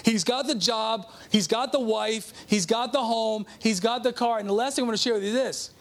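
Middle-aged male pastor with a high voice, preaching a conversational testimony sermon. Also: a little fast, gravelly. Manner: conversational, calls out to the congregation.

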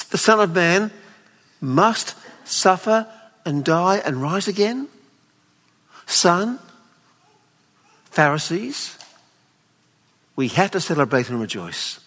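A man preaching a sermon at a weekend away, expressive and pleading, often acting out the people in the story. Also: on the high side, a little slow, long pauses. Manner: expressive, voices the father pleading tenderly. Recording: long hall reverb.

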